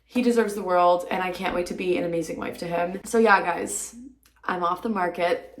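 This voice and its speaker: A young adult woman vlogger tells a personal story to the camera in a casual story-time style, gushing and emotional and full of "like" and "literally." Her voice sits on the low side and is a bit bright, at a normal speed, with a reverberant sound.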